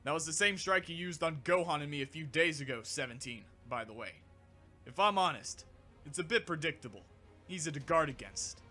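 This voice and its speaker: A man voicing a calm, dry, teasing alien warrior in a fan audiobook reading, unhurried and mocking. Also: fairly high pitch, faint music behind, voice pushed up, exaggerated voice.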